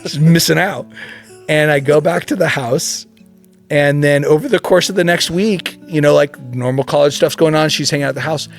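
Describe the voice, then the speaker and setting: A man of about fifty tells a story on a podcast in a relaxed, chatty way. His voice is gravelly with plenty of fry, and he acts out the people he quotes and laughs easily. Soft guitar music plays faintly under him. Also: on the high side, brisk. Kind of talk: casual storytelling.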